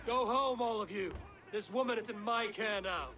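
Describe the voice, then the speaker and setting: A commanding viking warrior. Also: male voice, high voice, normal speed, pushed and bright, soft background music. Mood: threatening. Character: fierce male viking warrior.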